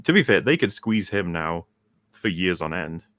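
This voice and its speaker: A man's voice: deep voice, moderate pace, no room sound. A man co-hosting a casual chat, blunt and swearing as he riffs on ideas. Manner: blunt, swearing, animated riffing. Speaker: co-host.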